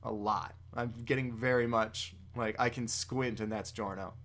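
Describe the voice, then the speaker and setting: A man's voice: on the low side, steady tone, normal speed, fairly bright tone. A man hosting a casual podcast chat, joking and laughing often while reading a comic aloud. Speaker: podcast host.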